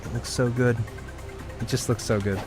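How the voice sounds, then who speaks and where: A young man streaming a game, chatting excitedly, laughing often and reading viewer comments aloud. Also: medium pitch, normal speed, over loud music. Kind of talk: casual live gameplay commentary.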